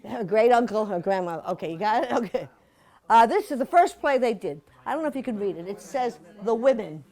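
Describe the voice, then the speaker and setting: A woman's voice: on the high side, lively intonation, fairly quick, dark tone. A woman in her seventies giving a chatty, playful slide-show talk to a museum audience, full of asides and laughter. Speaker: guest speaker at a museum talk.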